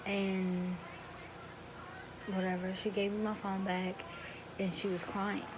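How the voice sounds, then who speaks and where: A teenage girl talks to her camera, retelling a personal story in a loose, rambling, emotional way with plenty of slang. Her voice sits at an ordinary middle pitch for a young woman. A steady hiss of room noise runs under the recording. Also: slow. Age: teens. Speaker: vlogger.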